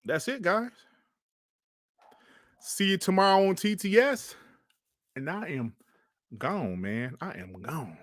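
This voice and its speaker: A man's voice: sits high, big pitch swings, takes it slowly, long pauses, no room sound. A man hosting a casual live stream, laughing often and trash-talking with plenty of swearing. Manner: laughing, profane trash talk.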